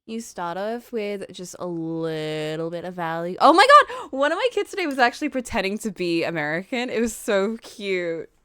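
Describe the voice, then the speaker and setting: A young woman streaming herself painting, chatting casually, excitable and quick to laugh and swear. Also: mid-range voice, smooth. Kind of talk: casual chat while painting.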